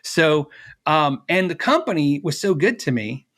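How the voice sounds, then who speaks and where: A middle-aged man telling a story in a casual interview with a fairly high voice. He acts out every line of dialogue himself, full of fillers, restarts and quick laughs. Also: big pitch swings, a bit bright. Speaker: interview guest.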